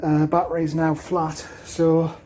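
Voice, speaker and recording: Slow, breathless DIY vlogger. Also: mid-range voice, little pitch movement, mellow. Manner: chatty, halting, with frequent "uh" and little laughs. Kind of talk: casual narration while working. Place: outdoors at a woodland cabin.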